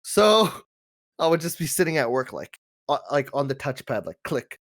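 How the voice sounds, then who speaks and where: Excitable young man with a higher voice. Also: normal speed. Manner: excitable, swears a lot, laughs often. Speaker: podcast co-host. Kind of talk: casual gaming chat.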